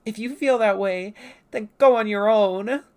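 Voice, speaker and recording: Woman voicing Murgo, a clipped, pompous young dinosaur guide from a comic. Higher and louder than her own voice. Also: very animated, takes it slowly, full character voice. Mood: huffy. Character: bossy young male dinosaur guide, blunt. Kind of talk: reading a comic aloud.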